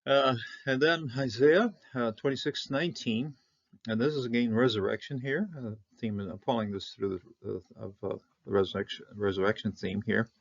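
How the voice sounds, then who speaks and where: A man who grew up in Canada, teaching Hebrew Bible words in an informal lesson, halting with many fillers and sounding out the Hebrew slowly. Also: mid-range voice, gravelly, dull audio.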